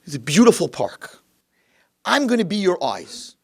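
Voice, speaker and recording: A man's voice: sits high, wildly swooping pitch, normal speed, darkish tone, husky, pitched above the performer's own voice, exaggerated voice. A man voicing a kind, upbeat old man in a wheelchair who talks with coaxing enthusiasm. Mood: eager.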